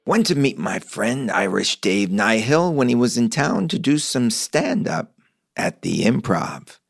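A man's voice: mid-range voice, sing-song, measured pace, creaky, husky, no echo, clean studio sound. A middle-aged man hosting a podcast, telling stories and reading sponsor ads with enthusiasm. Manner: enthusiastic storyteller. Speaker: podcast host. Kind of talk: conversational host reading ads.

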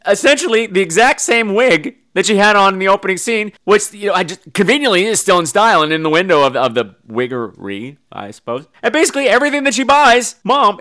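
A podcast host and film reviewer with a high, bright, pushed voice gives a casual comedic movie review, telling it in a campy, profane storytelling style.

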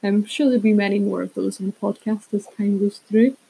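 A woman hosts a relaxed solo podcast in a slightly husky, breathy voice. She rambles from tangent to tangent and stops to correct her own words along the way. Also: medium pitch, fairly quick, poor audio. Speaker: podcast host. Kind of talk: casual solo podcast chat.

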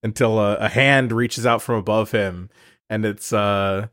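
A man's voice: lowish voice, steady tone, unhurried, a bit bright, no room sound, clean studio sound. A man co-hosting a podcast, casually recapping a film, laughing often as he retells scenes. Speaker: podcast co-host.

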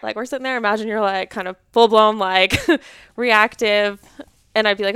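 A woman's voice: medium pitch, fairly even intonation, normal speed, fairly bright tone, clear, resonant tone, dry recording, clean studio sound. A woman therapist chatting on a podcast, full of "like" fillers, acting out what clients say and laughing often. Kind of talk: casual podcast conversation.

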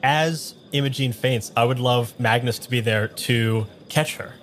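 A man's voice: mid-range voice, a little slow, very noisy. Playful man at a game table. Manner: playful, joking. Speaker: player. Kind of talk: casual actual-play table talk.

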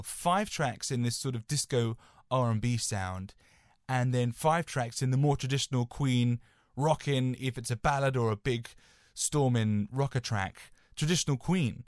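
A man's voice: medium pitch, no echo. Rambling man, dry close sound. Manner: rambling, hedges with "sort of", chatty anecdotes. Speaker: podcast co-host. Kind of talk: casual podcast chat.

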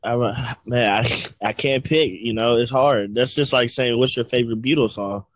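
A man's voice: mid-range voice, normal speed, fairly bright tone, no room sound, low-quality recording. A man from Virginia, hosting a casual chat and rambling as he searches for words. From Virginia, United States. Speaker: host.

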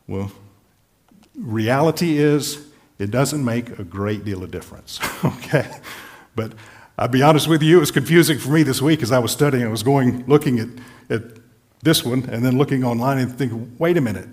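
A man's voice: medium pitch, normal speed, a little mellow. A middle-aged male pastor giving a sermon in an easygoing, explanatory way, often restarting phrases. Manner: conversational, explanatory, with light laughs and restarts.

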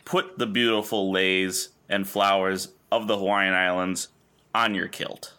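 A man's voice: sits low, little pitch movement, a little slow, sharp tone. A man co-hosting a podcast, joking and swearing through playful hot takes in casual chat. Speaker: podcast co-host.

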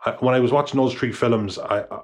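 An Irish man co-hosting a casual podcast chat, talking quickly and often stumbling and restarting his sentences. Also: mid-range voice, darkish tone. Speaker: podcast co-host.

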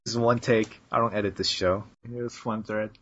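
A man's voice: lowish voice, fairly even intonation, moderate pace, noisy background. A young man hosting a casual podcast chat, teasing his co-host in a dry way and muttering asides. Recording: dull lo-fi home mic.

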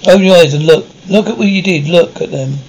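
A man reading the lines of a rough, angry small-town sheriff, harsh and swearing, while narrating a drama script. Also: high voice, fairly quick, a little mellow, rough recording. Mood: furious.

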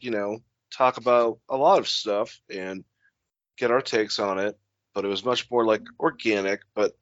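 A man's voice: on the low side, a bit bright, no echo, lo-fi sound. A young man co-hosting a casual podcast, laid-back and rambling, swearing casually. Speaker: podcast co-host.

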